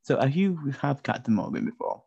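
A man's voice: medium pitch, huge pitch swings, brisk, gravelly, dark tone, breathy edge. A man with a lisp hosting a podcast, chatting casually and joking around, often tripping over his words. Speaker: podcast host. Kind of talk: casual chat. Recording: dull lo-fi podcast audio.

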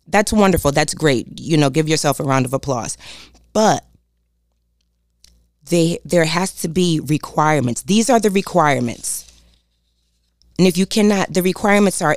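A woman's voice: deep voice, expressive, moderate pace, long pauses, dry recording, studio quality. A woman giving a motivational talk on boundaries, preachy and emphatic, repeating her key points and speaking straight to her listeners. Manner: addresses listeners directly as "y'all". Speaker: self-help speaker.

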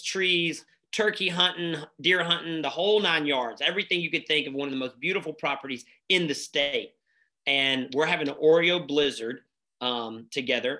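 Man, bright forceful voice, chatty storyteller, fillers. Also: on the high side. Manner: energetic, chatty, many fillers and "right?". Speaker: nonprofit founder and guest. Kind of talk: casual storytelling conversation.

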